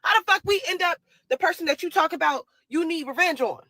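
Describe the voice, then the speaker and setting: A woman's voice: very high voice, brisk, sharp tone, no echo, poor audio. A woman ranting in a social media clip, firing off profane rhetorical questions.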